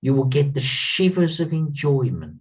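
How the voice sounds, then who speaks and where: A man's voice: on the high side, sing-song, moderate pace, a little mellow, slightly rough. A man giving an earnest spiritual talk as a teacher, stressing points by repeating words. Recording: slightly distant, dull lo-fi sound.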